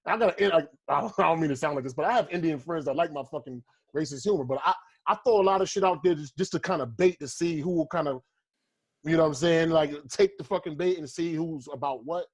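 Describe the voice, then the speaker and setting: A man's voice: on the high side, quick pace, breathy edge. A man comedian co-hosting a podcast in casual, profane banter, rambling and slipping into mocking voices for his bits. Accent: American.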